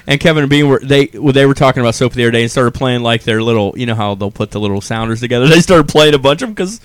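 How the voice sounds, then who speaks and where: A man's voice: mid-range voice, racing, smooth, dry recording, studio quality. A man hosting a casual podcast chat, opinionated and ranting, laughing often. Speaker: podcast host.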